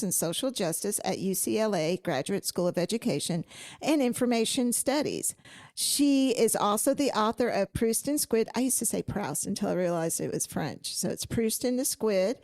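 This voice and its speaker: Chatty woman podcast host. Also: medium pitch. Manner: chatty, animated storytelling. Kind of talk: casual podcast chat.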